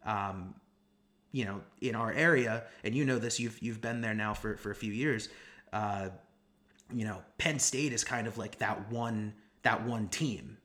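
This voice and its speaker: Young male podcast co-host, lower register, from Pennsylvania, loose and rambling. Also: a little slow, a bit bright. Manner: rambling, many restarts and fillers. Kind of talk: casual chat.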